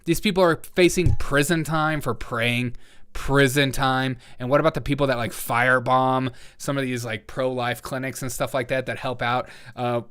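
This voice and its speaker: A man's voice: mid-range voice, fairly bright tone. A man hosting a comedy news show, delivering satirical commentary in a sarcastic, mocking rant.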